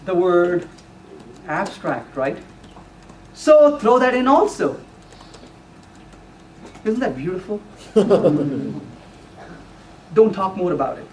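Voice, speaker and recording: A middle-aged conference speaker delivers a technical talk live in a meeting room, his high voice very animated as he goes slowly with frequent pauses. He teases the audience playfully and fires questions at them, captured in a roomy, distant recording with faint room noise.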